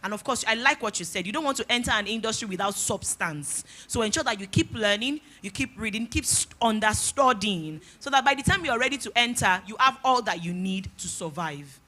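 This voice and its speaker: A woman's voice: a little high, expressive, a little fast, few pauses, sharp tone. A woman, a guest speaker giving earnest, direct career advice at a conference. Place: conference stage before an audience.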